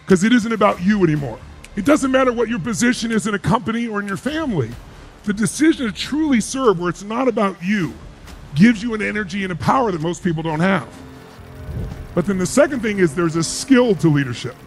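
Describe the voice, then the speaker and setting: A man's voice: high voice, expressive, a little fast, soft background music. A man giving a live seminar speech as a motivational speaker, emphatic and firing rhetorical questions at the crowd.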